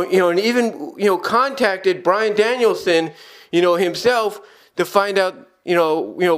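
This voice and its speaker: A man's voice: sits high, a bit bright. A man hosting an opinion podcast, talking emphatically and repeating his points for insistence. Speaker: podcast host.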